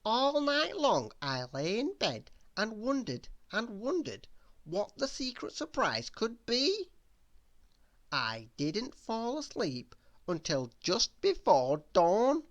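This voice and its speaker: Slow, expressive woman reading a bedtime story. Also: medium pitch, dry recording. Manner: expressive, first-person storytelling. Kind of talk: bedtime story read-aloud.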